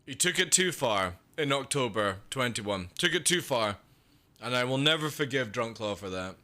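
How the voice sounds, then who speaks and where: A man's voice: medium pitch, expressive, normal speed, bright, forceful tone. A young man from the UK chatting casually on a livestream, rambling, swearing and laughing as he reads chat. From United Kingdom. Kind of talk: casual stream chat, reading chat.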